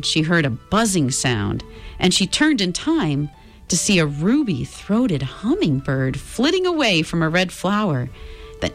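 Slow, lively woman storyteller. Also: low voice. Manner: gentle, expressive storybook reading. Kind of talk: reading a children's chapter book aloud.

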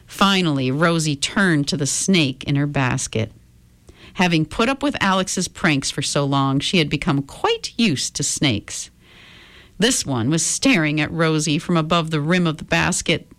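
A woman reading a children's story aloud with expressive intonation. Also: deep voice.

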